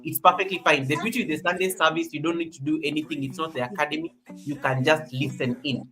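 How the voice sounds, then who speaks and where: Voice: medium pitch, fairly even intonation, fast. A livestream host with a Kenyan accent, chatting casually, reading out viewer comments and repeating phrases. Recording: music playing behind the voice.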